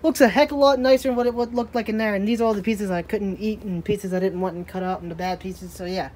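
A woman's voice: mid-range voice, steady tone, quick pace, darkish tone. A young woman vlogging at her rural home, chatting in a rambling way and talking to her pets. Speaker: daily vlogger. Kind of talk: casual vlog chat.

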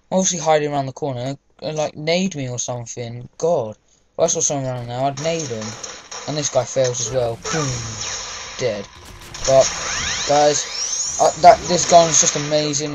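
A man's voice: mid-range voice, background noise. A young man, chatting casually over gameplay, rambling with lots of fillers. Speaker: gaming commentator.

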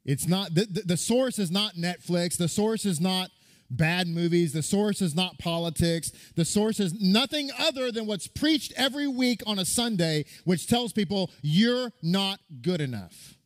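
A male rabbi preaching in an animated, storytelling manner, stumbling and restarting as he goes. His voice sits a bit high for a man. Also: normal speed. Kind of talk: sermon.

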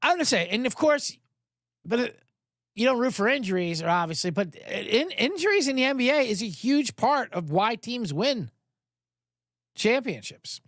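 A man's voice: very high-pitched, big pitch swings, moderate pace, a bit bright, no room sound, clean studio sound. A man hosting a sports betting podcast, talking in a rambling, profane, casual way.

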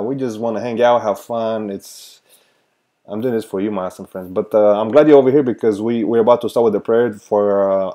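Mellow-voiced upbeat man hosting a livestream. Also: lowish voice. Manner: upbeat, greets viewers by name, laughs often; shifts into an earnest prayer. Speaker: livestream host and pastor. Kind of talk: casual livestream chat.

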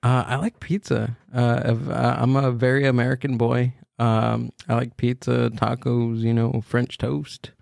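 Creaky-voiced man hosting a podcast. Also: medium pitch, little pitch movement, darkish tone, no room sound, studio quality. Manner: rambling, quick to laugh. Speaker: podcast host. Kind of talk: casual comedy chat.

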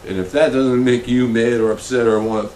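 A man hosting a comedic fish show, talking in an awkward, rambling, deadpan way. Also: reverberant, slight background noise, rough recording. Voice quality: slow, awkward, rambling delivery that becomes emotional and high-pitched. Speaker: comedy web show host.

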